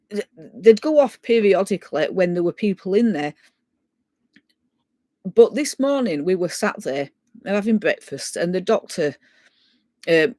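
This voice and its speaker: Woman, casual storyteller, animated and stumbling, dry, close sound. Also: mid-range voice, no room sound. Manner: animated, stumbling restarts, chatty. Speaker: guest sharing a ghost story.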